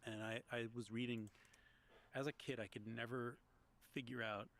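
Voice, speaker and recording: Speaking at a moderate pace, the man has a medium-pitched, slightly bright voice with fairly even intonation. He is a Long Island, US native, a history podcaster and author appearing as a guest in a conversational interview. He reflects on his story like a storyteller, with small restarts.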